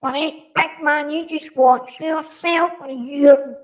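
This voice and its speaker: A cocky, taunting tough guy, as a man puts him on through a squeaky voice changer. The sound is high and thin, and the threats come out with a swagger. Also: steady tone, slow. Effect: squeaky high-pitched voice changer.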